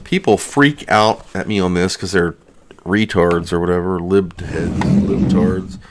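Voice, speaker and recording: A man's voice: low-pitched, measured pace, noisy background. A man hosting a casual livestream from his basement studio, rambling and joking as he answers chat questions. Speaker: livestream host.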